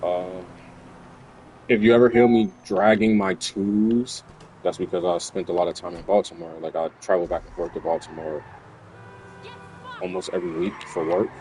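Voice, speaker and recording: Low-voiced, laid-back gamer. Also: male voice, steady tone, normal speed, long pauses, warm tone, slight background noise, poor audio. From New Jersey. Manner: laid-back, slangy, rambling. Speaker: gaming streamer. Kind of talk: casual commentary while playing. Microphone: USB desk microphone.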